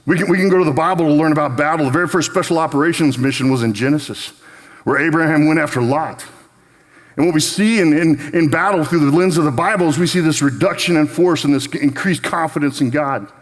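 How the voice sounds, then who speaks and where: A man, probably in his forties, giving a Father's Day church message, telling stories with many quick repeated restarts. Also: fairly high pitch. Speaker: guest speaker. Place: church sanctuary. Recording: long reverb of a church hall.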